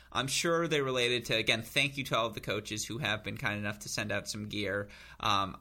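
A man co-hosting a podcast, telling rambling self-mocking stories with bursts of high laughter. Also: bright, forceful tone. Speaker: podcast co-host. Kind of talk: casual chat.

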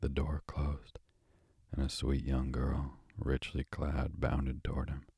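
Sleep-story narrator, male, soft and drowsy, deep monotone, dry close sound. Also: slow, breathy edge, dry recording. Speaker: bedtime story reader.

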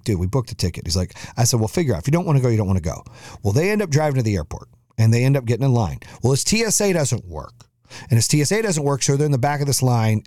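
A fast, low-pitched man spins a rambling family story with casual swearing, jumping into the voices of everyone involved. His delivery is animated and his recording is dry and close, with no room sound. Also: dry recording. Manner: animated, profane, quotes himself and others. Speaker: podcast host.

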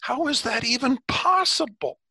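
A man voicing a frightened young shepherd who stammers and protests in a high, strained voice. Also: lively intonation, unhurried, pushed and bright, breathy edge, dry recording, exaggerated voice. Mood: panicked. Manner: high, panicky, stuttering protests. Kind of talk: dramatic storytelling.

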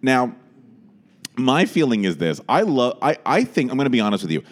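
A man hosting a podcast, telling a story in a rambling, animated way with frequent restarts, in a small podcast room. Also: medium pitch, normal speed. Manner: rambling, animated, lots of restarts and self-interrupting. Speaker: podcast host. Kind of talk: casual storytelling chat.

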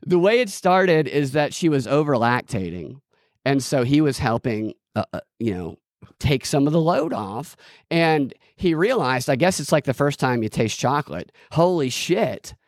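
A man's voice: medium pitch, sing-song, moderate pace, no echo, clean studio sound. A man hosting a podcast, chatting in a loose, sarcastic, joking way. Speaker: podcast host. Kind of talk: casual chat.

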